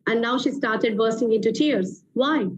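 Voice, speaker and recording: A woman's voice: a little high, moderate pace, background noise. A woman hosting a show, telling a motivational story with emphatic repeated phrases, in a muffled lo-fi recording. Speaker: TV show host.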